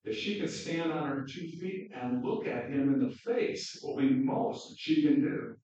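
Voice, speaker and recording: A man voicing an excitable male talking beaver in a storybook reading, with emphatic, booming exclamations, recorded from afar in an echoey hall. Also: moderate pace, lightly acted. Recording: dull echoey hall from far off.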